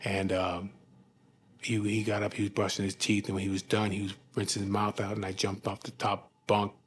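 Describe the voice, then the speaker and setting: A man with a fairly low voice tells his story candidly, in a rough, profane way. His talk is loose and full of "you know what I mean". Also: monotone, a little fast, slight background noise. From California. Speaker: former prisoner telling his story.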